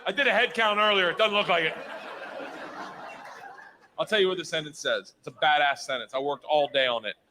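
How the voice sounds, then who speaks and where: A man's voice: fairly high pitch, brisk, long pauses, background noise. A man in his fifties, a stand-up comedian telling a story on stage. He swears freely and laughs through his lines. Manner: loud, profane, laughing storytelling.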